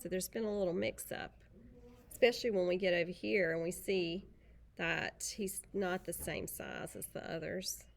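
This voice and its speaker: A woman's voice: lowish voice, steady tone, normal speed, creaky, slight background noise. A woman teacher reading a picture book aloud to young children, chatty and playful, stopping to talk about the pictures.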